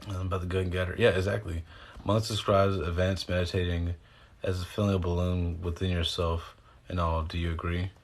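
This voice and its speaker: Deep-voiced man rambling on a livestream. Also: level tone, fairly quick, slight background noise. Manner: rambling, loose and slangy, with mild swearing. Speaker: livestreamer answering viewer questions. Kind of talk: casual livestream chat and guided breathing instruction. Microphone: phone.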